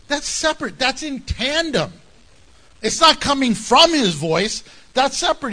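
A male pastor preaching with a high, bright voice that leaps up and down in pitch. He talks to the congregation in a conversational way, breaking into jokes and asides. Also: big pitch swings, measured pace. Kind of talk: sermon.

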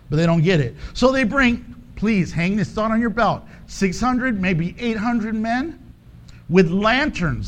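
A man preaching a sermon, telling stories with joking asides and acting out the voices of the people in them. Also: high voice. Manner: animated storytelling, acts out voices, joking asides. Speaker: pastor.

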